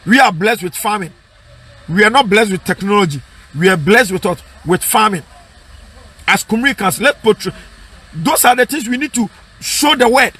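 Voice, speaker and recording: A man's voice: sits high, animated, moderate pace, pauses often, sharp tone, slightly rough. A man with a Ghanaian accent preaching as an evangelist, emphatic, mixing English with Twi and asking his listeners to repeat his points back. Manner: emphatic, repeats lines and asks "What I say?" for response. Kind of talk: street-style preaching and advice.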